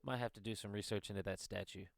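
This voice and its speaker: A man's voice: on the low side, steady tone, quick pace, creaky, dry recording. A man co-hosting a casual gaming chat who laughs often and swears freely. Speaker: co-host.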